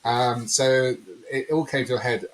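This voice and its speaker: A man's voice: medium pitch, a little slow, slight background noise, low-quality recording. A man telling a personal story in a conversational interview, rambling and acting out quotes. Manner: rambling, animated storyteller who acts out quotes. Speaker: podcast guest.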